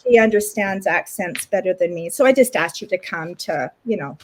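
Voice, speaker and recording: A middle-aged woman from Canada tells her own story to an interviewer in relaxed, everyday speech. She brings other people in to life by quoting them, jumping up into livelier voices for them. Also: fairly low pitch, moderate pace, slight background noise. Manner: animated retelling with lots of acted quotes. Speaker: interview guest. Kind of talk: casual storytelling.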